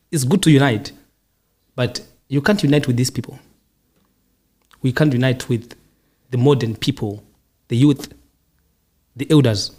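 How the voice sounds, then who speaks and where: A man with a darkish, breathy-edged mid-range voice hosts a podcast. His casual interview answers are reflective, made up of short statements he repeats.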